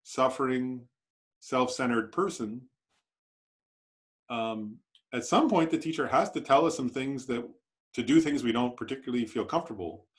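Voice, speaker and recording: A man's voice: medium pitch, animated, normal speed, pauses often. A man teaching a Buddhist class at a meditation center in a conversational way, often checking in with "right?". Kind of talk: dharma class lecture.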